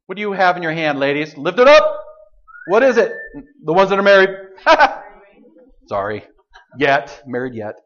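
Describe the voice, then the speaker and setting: A man preaching a sermon, swinging from loud outbursts to hushed asides. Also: sits high, highs cut off.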